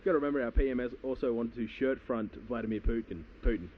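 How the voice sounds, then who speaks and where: A man's voice: mid-range voice, quick pace, narrow, tinny audio, a little hiss or hum. An Australian man co-hosting a casual podcast chat, cracking dry jokes. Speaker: podcast co-host.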